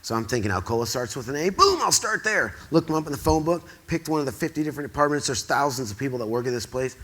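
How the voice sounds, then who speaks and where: On stage at an awards event, a Midwesterner from the Quad Cities races through a rambling tale for the live crowd, his mid-range voice full of excitement. Whenever someone speaks in the story, he acts out their words.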